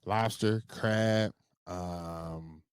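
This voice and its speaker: Laid-back dad co-host, dry sound. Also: male voice, low-pitched, extremely slow, clear, resonant tone, no echo. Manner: laid-back, laughs easily, drops short agreements. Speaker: podcast co-host. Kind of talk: casual chat.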